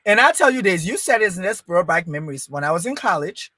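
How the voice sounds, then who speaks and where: A man tells a story from his own life on a talk podcast, his pitch leaping up and down as he acts out each quoted line. The sound is close and dry, with no room around it. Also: big pitch swings, fast talker, bright, forceful tone, no room sound. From Liberia. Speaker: podcast host. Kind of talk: casual conversation, personal story.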